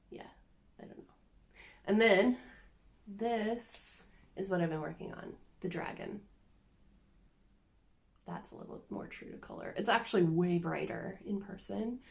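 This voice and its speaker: A woman's voice: medium pitch, fairly bright tone. A woman chatting casually and self-deprecatingly as she shows her cross-stitch projects to the camera. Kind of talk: casual show-and-tell chat.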